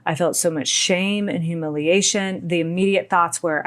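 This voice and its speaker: A woman with a fairly low voice co-hosts a podcast. She tells a personal story with candor and energy, sometimes sinking almost to a whisper. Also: moderate pace. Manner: animated, acts out quoted dialogue, drops to near whispers. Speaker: podcast co-host.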